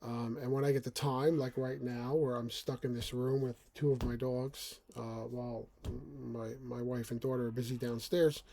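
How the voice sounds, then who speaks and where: Middle-aged guy rambling at home, stumbles over words a lot, warm low-key voice. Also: level tone, moderate pace, creaky, few pauses. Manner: rambling, stammers and repeats words. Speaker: channel host. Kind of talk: casual talk to camera. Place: small room at home.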